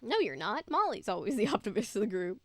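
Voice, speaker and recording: A woman's voice: medium pitch, sing-song, fast talker, fairly bright tone, dry recording, studio quality. A woman reading a children's horror book aloud in a casual way, breaking off to joke and comment on the story. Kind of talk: casual read-aloud with asides.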